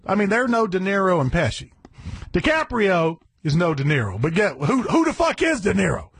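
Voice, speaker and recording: A man hosting a satellite radio show, ranting in a brash, profane monologue with sudden shouted bursts. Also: high-pitched, sing-song, moderate pace, vocal fry, breathy edge, no room sound.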